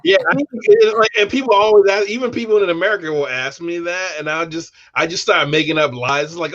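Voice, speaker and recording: A man's voice: high voice, sing-song, fast, hardly any pauses, fairly bright tone, highs cut off. A man, a guest illustrator, telling a rambling story with many fillers. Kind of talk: casual storytelling.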